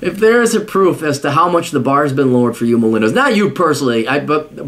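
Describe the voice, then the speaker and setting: A man with a slightly high voice reads out a letter from a listener. He keeps cutting in with scornful, swearing rants. His tone is harsh and mocking. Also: animated, fast talker, few pauses. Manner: scornful, swearing, shouting bursts. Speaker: podcast host answering a listener letter. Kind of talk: profane rant while reading a letter aloud.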